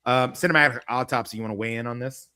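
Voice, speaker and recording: A man's voice: medium pitch, fast, clear, resonant tone. A man hosting a podcast, chatting casually and telling stories in a joking way. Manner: joking, animated storytelling. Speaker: podcast host. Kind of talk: casual chat.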